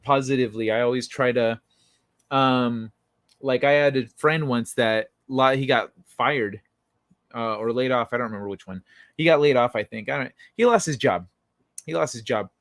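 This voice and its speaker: A man's voice: medium pitch, normal speed, fairly bright tone, no echo, clean studio sound. A man hosting a casual livestream chat, talking in a rambling, profane way with frequent restarts. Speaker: livestream talk show host.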